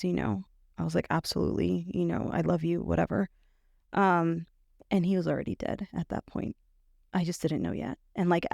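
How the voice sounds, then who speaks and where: A young woman telling a personal story as a podcast guest, halting, with many fillers and restarts. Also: on the low side, gravelly, a little mellow, no echo, clean studio sound. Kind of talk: personal testimony in conversation.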